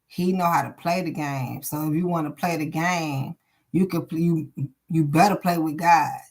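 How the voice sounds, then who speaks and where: A woman's voice: sits low, steady tone, normal speed, darkish tone. A woman, giving a live-streamed tarot reading and chatting bluntly with her viewers, with plenty of swearing. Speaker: tarot reader.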